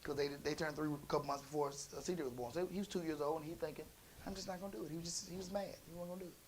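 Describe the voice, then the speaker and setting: A middle-aged male pastor preaching in a folksy, conversational way, dropping into soft asides and then rising into emphatic bursts. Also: a little high, steady tone, very fast, slight background noise. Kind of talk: storytelling sermon.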